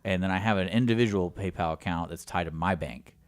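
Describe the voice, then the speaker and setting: A man's voice: low voice, a little fast, dry recording. A man co-hosting a radio talk show, telling a story in a rambling casual way. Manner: rambling, many fillers and restarts. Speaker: radio co-host. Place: radio studio.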